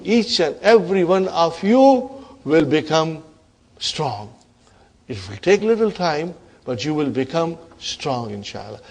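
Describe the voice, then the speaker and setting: A man teaching an online Arabic grammar class, encouraging his students and often checking in with a quick "huh?". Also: a little high, darkish tone. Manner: addresses students as brothers and sisters.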